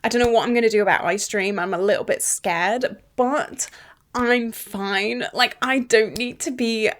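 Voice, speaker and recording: A woman's voice: fairly high pitch, moderate pace. Chatty woman beauty vlogger. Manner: chatty, thinks aloud, excited exclamations. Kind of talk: casual chat to camera.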